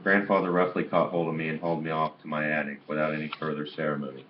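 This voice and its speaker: A man's voice: very deep voice, flat delivery, fast. A man reading a novel aloud in an amateur way, stumbling and restarting on some words, on a dull lo-fi recording with faint hiss. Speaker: audiobook reader.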